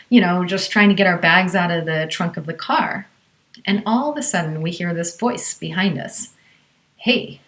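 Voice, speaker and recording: A woman's voice: on the low side, fairly bright tone. A woman from Southern California telling a personal story in a conversational way, with many fillers.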